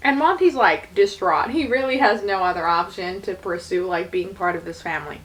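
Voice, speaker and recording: A woman's voice: medium pitch, lively intonation, normal speed, a little hiss or hum. A young woman telling a story in casual chat, full of "like" and quoted lines. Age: young adult. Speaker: YouTuber retelling a musical's plot.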